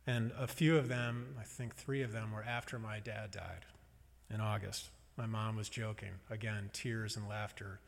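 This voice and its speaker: A man's voice: fairly low pitch, little pitch movement, moderate pace, gravelly. A man preaching a sermon in a conversational, wry and reflective way. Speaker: pastor. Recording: long reverb of a large hall.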